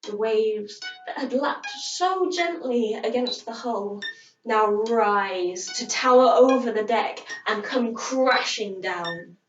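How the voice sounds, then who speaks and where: A woman telling a story in a dramatic way, with long pauses. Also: on the high side, slight background noise. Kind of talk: storytelling narration over guitar music. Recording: roomy, distant and dull, with loud guitar music.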